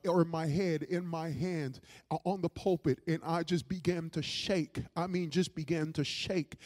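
A middle-aged man preaching a personal testimony as a pastor, impassioned and repeating words, swinging from loud to hushed. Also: on the high side, long reverb tail. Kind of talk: testimony sermon.

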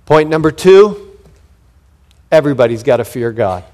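A man preaching an expository sermon as a pastor, talking conversationally with frequent restarts and sudden emphatic rises in loudness. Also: medium pitch, lively intonation, moderate pace. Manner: frequent repeated words and restarts.

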